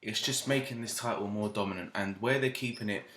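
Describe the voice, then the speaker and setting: A young man with a low but bright, forward voice, joking and teasing his co-host on a podcast. The room is echoey, with a faint hiss behind. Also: fairly quick. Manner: jokey, laughs a lot, teases, swears casually. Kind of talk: casual chat. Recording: roomy echo with faint noise.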